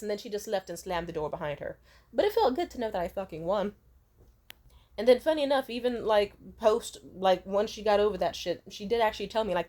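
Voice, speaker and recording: A woman's voice: mid-range voice, lively intonation, fairly quick. Young woman vlogger, frank and sweary, loose rambling storyteller. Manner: candid, profane, rambling. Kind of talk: casual storytime.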